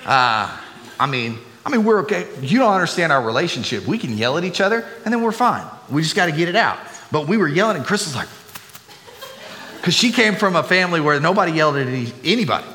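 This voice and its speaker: A middle-aged man with a drawl delivers a sermon, slipping into playful asides between points. His voice sits a touch high and rings bright and forceful. It carries through a church hall with a long reverb tail over faint room ambience. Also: very animated, quick pace. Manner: chatty, joking asides to the congregation. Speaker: pastor. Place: church sanctuary.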